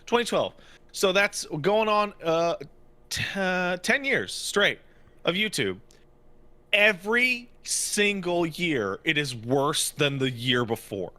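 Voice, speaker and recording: A man co-hosting a podcast in casual chat, swearing freely and jumping up in pitch to make a point. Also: slow. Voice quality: animated, swears a lot, jumps into high pitch for emphasis. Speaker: podcast co-host.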